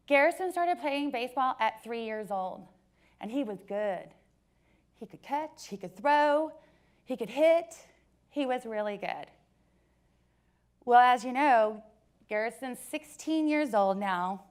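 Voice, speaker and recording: A woman in her forties giving a personal storytelling talk to an audience, joking at times and turning soft and earnest at others. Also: high voice. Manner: warm joking storyteller, switches between laughs and soft earnest passages. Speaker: company speaker.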